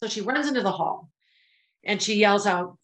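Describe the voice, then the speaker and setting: A middle-aged woman hosting a podcast, telling a personal story with emotion, at times near tears, with pauses and restarts. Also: medium pitch, a bit bright, rough recording. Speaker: podcast host. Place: indoors, filming herself.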